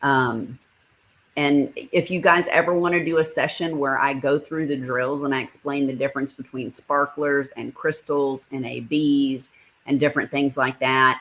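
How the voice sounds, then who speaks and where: Reading viewer comments aloud and greeting people by name, this livestream host keeps the chat casual. She has a rumbling low voice with a fairly bright tone, captured in a rough recording.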